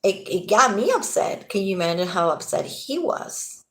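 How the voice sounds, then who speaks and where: A woman's voice: mid-range voice, sing-song, moderate pace. Tired, agitated woman ranting. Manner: agitated, rambling, swears freely. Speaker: vlogger. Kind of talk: casual rant to camera.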